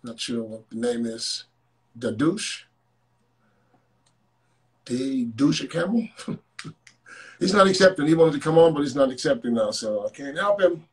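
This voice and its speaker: A man's voice: medium pitch, lively intonation, measured pace, pauses often. A man hosting a live call-in stream, joking bluntly and swearing freely while he chats with callers. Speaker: host of a live call-in show. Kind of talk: casual live-stream chat.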